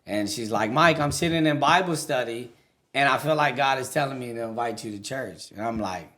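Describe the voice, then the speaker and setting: A man's voice: medium pitch, brisk, bright, forceful tone. A young adult man, a podcast guest telling his life story in candid, profane casual talk and laughing through it.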